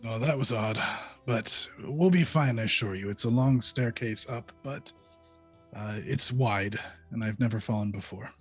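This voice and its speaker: A man voicing a calm, reassuring male beastkin guide in a steady, unhurried way. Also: medium pitch, slightly rough, faint music behind, voice pushed down, close to an everyday voice.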